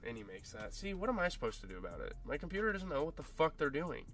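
A man's voice: fairly high pitch, sing-song, fast talker. Young man raging over gameplay. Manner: frustrated, swearing, yelling at opponent. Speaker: gaming YouTuber. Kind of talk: live gameplay commentary.

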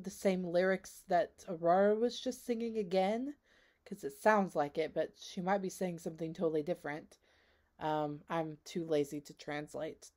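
A woman hosting a reaction video who talks in an earnest, rambling way, full of "like"s and trailing pauses. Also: on the low side, dark tone. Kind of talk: casual reaction commentary.

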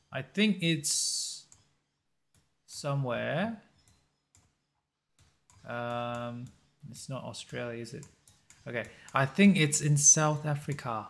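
Slow, musing male game host. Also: mid-range voice, vocal fry, fairly bright tone. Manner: halting, muses aloud with short chuckles. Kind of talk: thinking aloud while playing a map-guessing game.

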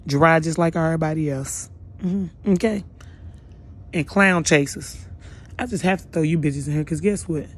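A woman's voice: low-pitched, normal speed. Blunt, profane woman vlogger ranting. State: just woke up. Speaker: YouTube vlogger. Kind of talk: ranting commentary vlog.

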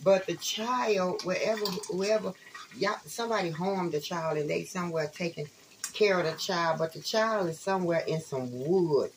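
A woman's voice: fairly low pitch, normal speed, slight background noise, rough recording. A woman chatting bluntly and profanely to her viewers while frying food in her home kitchen, calling them y'all. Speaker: online spiritual reader. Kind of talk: casual rambling talk to viewers.

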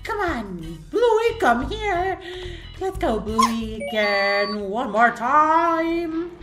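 A woman's voice: very high voice, sing-song, drawn-out words, full character voice. A woman voicing a gleeful, hungry cat monster in a playful game role-play, giggling, meowing and taunting. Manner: giggly, meows between lines, taunting. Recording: echoey room with loud game music.

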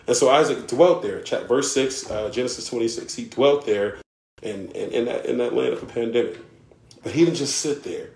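A man's voice: mid-range voice, fairly quick, creaky, a little mellow. Echoey male preacher streaming a sermon. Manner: earnest, often checks in with "right?" and "okay?"; repeats words while building a point. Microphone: live stream setup.

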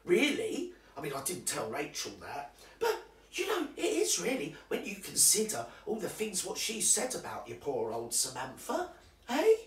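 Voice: mid-range voice, huge pitch swings, moderate pace. A gossipy old gal, roomy and distant, as a performer puts her on. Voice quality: chatty, confiding, gossipy. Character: gossipy older British woman, nosy and cheeky. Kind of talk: comic character monologue to camera. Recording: roomy sound from away from the mic.

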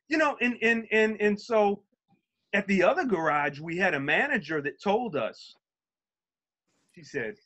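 Lively union organizer man on a video call. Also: high voice, slow pace, pauses often. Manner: animated, acts out shouted quotes. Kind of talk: virtual meeting talk, storytelling.

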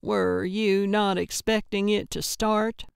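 A woman's voice: mid-range voice, takes it slowly, vocal fry, clear, resonant tone, no echo, clean studio sound. A woman voicing a spry, self-important elderly woman detective in an audiobook. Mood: confident. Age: older.

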